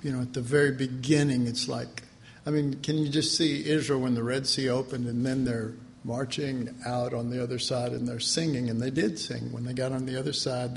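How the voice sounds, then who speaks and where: A man's voice: mid-range voice, steady tone, moderate pace, creaky, a little hiss or hum. A man preaching a conversational sermon in a folksy way, laughing often and acting out the voices he quotes.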